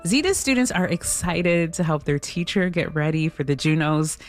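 Deep-voiced woman radio host. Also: expressive, moderate pace, over music. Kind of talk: radio narration and chat.

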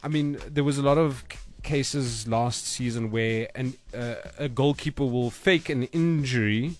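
A man's voice: mid-range voice, measured pace. A man presenting sports news on a radio show, explaining rule changes patiently and steadily.

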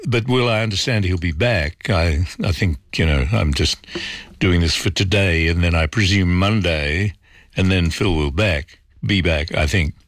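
A man's voice: sits low, unhurried, no echo, studio quality. A man hosting talkback radio, reading out listener messages and answering them in a casual, musing way with plenty of ums and uhs. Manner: reads texts aloud, then replies casually with fillers.

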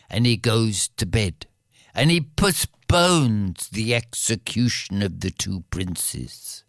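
Animated, slow-paced fairy-tale storyteller. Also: medium pitch, no room sound, studio quality. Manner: animated, expressive storytelling with playful repetition.

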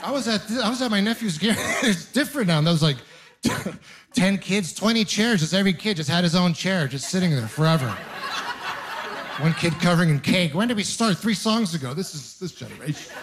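A man's voice: high voice, lively intonation, fairly quick. A man performing a stand-up comedy set in a self-deprecating, rambling way, with restarts and exaggerated stories.

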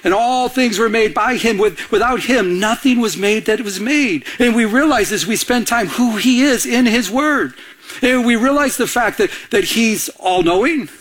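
A man preaching a sermon to a congregation, asking for amens and acting out the scripture he quotes. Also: sits high. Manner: animated preaching with audience call-outs and acted-out quotes. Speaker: pastor.

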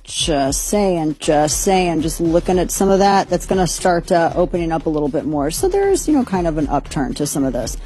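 A woman's voice: deep voice, sing-song, normal speed, hardly any pauses, dark tone, soft background music. A woman talk show host, giving a casual, rambling rundown of news stories with lots of fillers.

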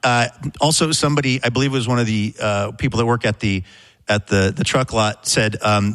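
A man's voice: lowish voice, fairly even intonation, moderate pace, fairly bright tone. A middle-aged man hosts from a radio studio, spinning a light news item into a chatty story. His humor is wry and self-mocking, and he slips jokes in as he goes. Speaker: radio show host. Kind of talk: chatty storytelling with comic asides.

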